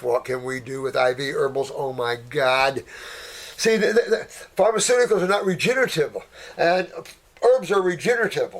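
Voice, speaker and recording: A high-pitched, somewhat bright male voice belongs to an older naturopath doing a casual Q&A for viewers. He's rambling and folksy, addressing people as honey and sweetheart and trailing off when a word escapes him.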